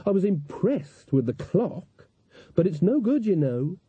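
An actor playing a cold, haughty older female witch, speaking in a cool, measured and superior way. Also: sits high, sing-song, dark tone, breathy edge, dry recording, voice pushed up, exaggerated voice. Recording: dull, dry lo-fi recording.

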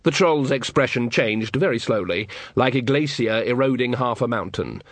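A man narrating an audiobook in a measured, wry storytelling manner. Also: mid-range voice, dry recording. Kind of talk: scripted narration.

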